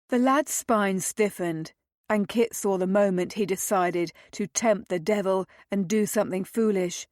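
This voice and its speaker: A woman narrating a romance novel aloud in a measured, dramatic reading. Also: mid-range voice, a little mellow, no echo, studio quality. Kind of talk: audiobook narration.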